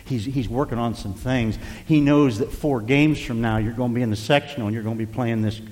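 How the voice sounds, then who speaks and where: An older man preaching a folksy sermon as pastor, rising to loud emphasis and dropping to quiet asides. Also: mid-range voice, brisk, in a large hall. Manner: folksy, varies loudness for emphasis, occasional chuckles.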